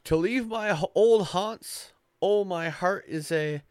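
A man's voice: sits high, smooth, no echo, clean studio sound, pitched above the performer's own voice. A man putting on a lamenting brownie spirit. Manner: halting stiff attempt at a Scottish lilt. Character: small male household brownie spirit, aggrieved and lamenting.

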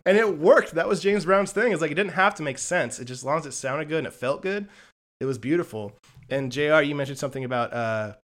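A man's voice: a little high, quick pace. A man co-hosting a podcast, retelling a film in a casual chat and acting out the quoted lines. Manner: animated storytelling with quoted lines. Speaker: podcast co-host reviewing films.

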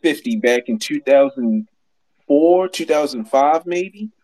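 Lively, animated male storyteller. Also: on the high side, takes it slowly, low-quality recording. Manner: lively storyteller, self-mocking, profane. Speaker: podcast co-host. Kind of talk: casual live audio-room chat.

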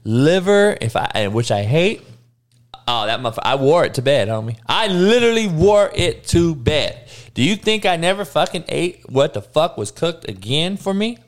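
A man's voice: fairly high pitch, sing-song, moderate pace. A man who coaches youth, ranting comically in a profane, emphatic way. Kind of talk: comedic rant.

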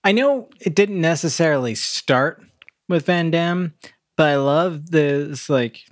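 A man's voice: fairly high pitch, slow, no room sound, clean studio sound. Laid-back male podcast co-host. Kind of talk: casual chat.

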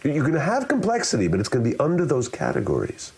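A man's voice: mid-range voice, quick pace, gravelly, slight background noise. A man explaining public speaking as an interview guest, talking expressively and demonstrating different ways of saying things. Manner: expressive, demonstrates with shifting delivery.

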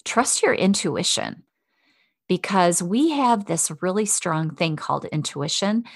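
A middle-aged woman and life coach who talks straight to the listener in a warm, encouraging way, as on a self-help podcast. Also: on the low side, very animated, measured pace, gravelly, no echo, studio quality.

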